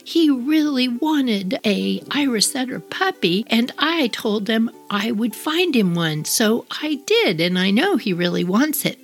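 Middle-aged lady podcaster telling a story, gravelly voice, chatty and lively. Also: medium pitch. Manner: animated, chatty, addresses listeners as "you all". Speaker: podcast host. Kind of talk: personal storytelling.

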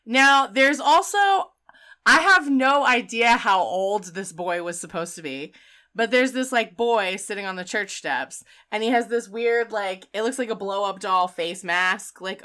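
Chatty woman retelling a film, bright voice. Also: medium pitch, measured pace, clear, resonant tone. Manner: chatty, filler-heavy retelling with quoted voices and laughter. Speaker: podcast co-host recapping a film. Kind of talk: casual chat.

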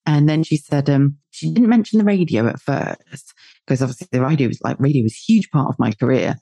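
A woman's voice: extremely low pitch, fairly quick, vocal fry, warm tone, slightly rough, dry recording. A woman in her forties from the UK, a podcast host chatting casually in a blunt, sweary way and laughing often. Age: 40s. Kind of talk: casual chat.

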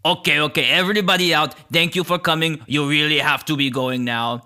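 A man voicing a gruff tree spirit guard who flusters and shoos people away. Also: fairly high pitch, fairly even intonation, fairly quick, sharp tone. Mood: shooing.

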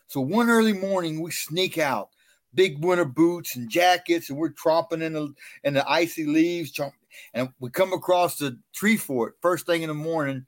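Middle-aged male guest, animated self-mocking storyteller, dead-dry recording. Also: a little high, moderate pace, no room sound. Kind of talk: storytelling interview.

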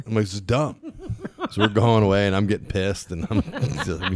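A man with a low voice tells a comic story in casual chat. His pitch rises and falls a lot, and he acts out the other people in the story. The sound is close and dry. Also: moderate pace, pauses often, dry recording. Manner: animated, acts out dialogue, laughs often. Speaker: guest.

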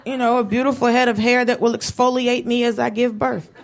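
Female stand-up, dry wry punchlines, gravelly tone, noisy stage audio. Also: fairly high pitch, little pitch movement, brisk. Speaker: stand-up comic. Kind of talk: live stand-up set. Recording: noisy live stage recording.

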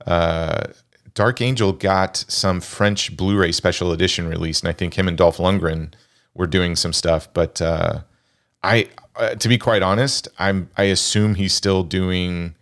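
Low deep-voiced guy rambling happily about old movies, lots of ums. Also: fairly even intonation, a little slow, fairly bright tone. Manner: enthusiastic, rambling with fillers. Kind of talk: casual film podcast chat.

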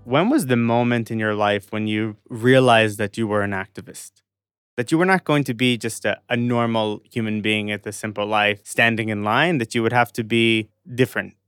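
Young man hosting over soft music. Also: on the low side, moderate pace, clear, resonant tone, dry recording, studio quality. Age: young adult. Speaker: podcast host. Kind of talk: scripted narration and interview questions.

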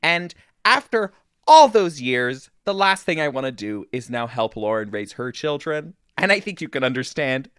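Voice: mid-range voice, very animated, normal speed, a bit bright, smooth, dry recording, clean studio sound. A performer voicing a spiteful, passive-aggressive older aunt who talks in a sugary drawl with giggles, in comedy improv. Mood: indignant. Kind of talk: comedy improv of social media comments.

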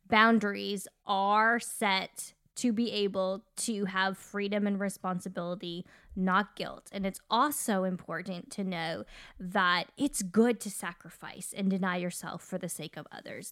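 A woman with a mid-range voice speaks reflectively in a relaxed podcast chat, steady and affirming. The recording is close and dry. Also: mid-range voice, measured pace, no echo. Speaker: podcast co-host. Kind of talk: casual conversational podcast.

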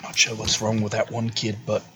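A man's voice: lowish voice, monotone, brisk, over music. A man narrating as game master of a tabletop game, loose and rambling.

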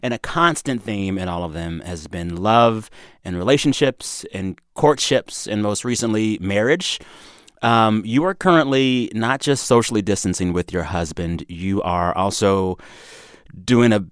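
A man's voice: fairly low pitch, lively intonation, unhurried, clean tone, no room sound, studio quality. A man hosting a radio show, chatting casually with a guest in a playful, upbeat way and laughing easily. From Texas. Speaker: radio host.

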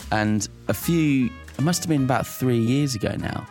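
A man's voice: mid-range voice, animated, normal speed, a little mellow, faint music behind. A man co-hosting a podcast, telling a rambling, laughing anecdote in casual chat, recorded in a teepee at home. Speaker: podcast co-host.

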